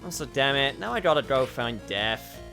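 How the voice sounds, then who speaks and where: Chatty gamer guy, lively up-and-down voice, quiet game music under it. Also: mid-range voice, normal speed, creaky. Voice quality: chatty, swears, talks to chat. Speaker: streamer. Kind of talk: casual gameplay commentary. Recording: faint game music behind.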